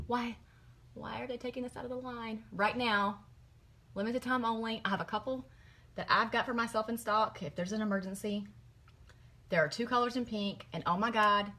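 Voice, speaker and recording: A middle-aged woman with a drawl talks through her makeup routine in a bright, crisp voice. She gushes and rambles with lots of asides, her pitch sitting in the middle for a woman. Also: quick pace. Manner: gushing, chatty, rambling asides. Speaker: makeup vlogger. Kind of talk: chatty makeup tutorial.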